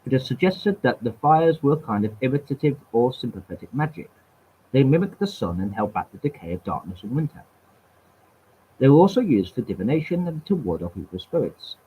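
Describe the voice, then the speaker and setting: A man's voice: mid-range voice, very animated, brisk, a little hiss or hum. A man reading history aloud from webpages, stumbling and repeating words, with wry casual asides. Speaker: channel host. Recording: tinny phone-like sound.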